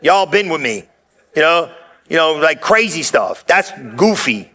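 A male pastor with a high-pitched voice delivers a lively sermon. His voice has a bright, forceful edge. He talks in a folksy, conversational way, cracking jokes and shouting out his punchlines. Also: a little slow. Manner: energetic, joking preacher who shouts out punchlines.

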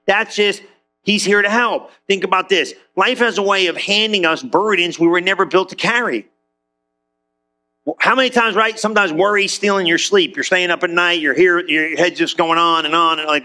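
Bright, high-voiced man preaching animatedly. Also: moderate pace. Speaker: pastor. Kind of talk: sermon.

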